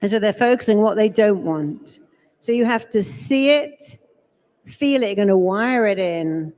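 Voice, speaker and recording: A woman's voice: medium pitch, lively intonation, a little slow, a little mellow. A woman giving a live seminar talk on a stage, emphatic, slipping into quoted voices to make her points. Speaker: speaker. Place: large event hall.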